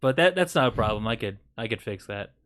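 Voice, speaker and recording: A man's voice: fairly low pitch, expressive, quick pace, a bit bright. A man playing a tabletop game, laid-back and giggly. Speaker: player. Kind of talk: tabletop role-play chat.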